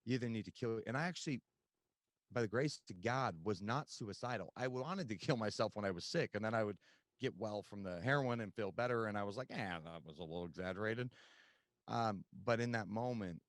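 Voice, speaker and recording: Male guest, low voice, dry close sound, candid storyteller full of ums. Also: fairly quick, dry recording. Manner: candid, conversational storytelling with many fillers. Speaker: podcast guest. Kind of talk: personal recovery story.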